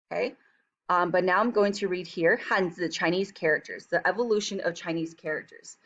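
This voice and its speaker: A fast-talking woman teacher walks through a language textbook in a chatty way, slowing down for careful pronunciation demonstrations. Her voice sits a little low. The recording is dull and lo-fi. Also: a bit bright.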